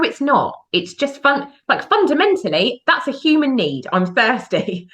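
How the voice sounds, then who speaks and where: A woman speaks as a podcast guest, her fairly high voice bright and full of swings in pitch. She talks emphatically and slips into little impressions of the people she quotes. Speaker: mindset coach guest. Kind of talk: podcast conversation.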